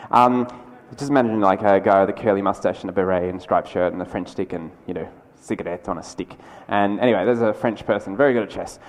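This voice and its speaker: Man giving a keynote. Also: low-pitched. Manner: conversational and energetic, with quick asides and restarts. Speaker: keynote speaker. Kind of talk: conference keynote talk. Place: large lecture hall. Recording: lecture hall with long reverb.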